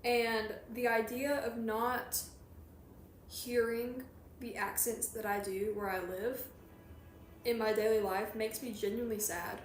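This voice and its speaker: A woman's voice: fairly high pitch, steady tone, measured pace, slight background noise. Chatty Southern woman, echoey room. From Georgia, USA. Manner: rambling, chatty, reads and answers chat. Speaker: streamer. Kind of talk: casual chat while crocheting on a livestream.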